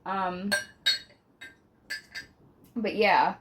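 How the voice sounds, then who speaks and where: A woman's voice: medium pitch, steady tone, extremely slow, breathy edge. A young woman telling a rambling storytime at home, swearing casually and filling her talk with "like" and "bruh". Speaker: vlogger. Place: at home, indoors.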